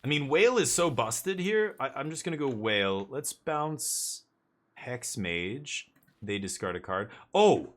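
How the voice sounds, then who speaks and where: A man's voice: medium pitch, big pitch swings, measured pace, fairly bright tone. A man chatting casually as he streams a card game, rambling with jokey asides. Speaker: live streamer. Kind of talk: casual gameplay commentary.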